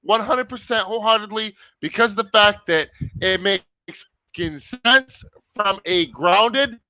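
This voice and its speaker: A man's voice: sits high, unhurried, sharp tone, no echo. A young man hosting a casual livestream over a video call, talking emphatically and swearing often. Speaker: livestream host. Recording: dull lo-fi stream audio.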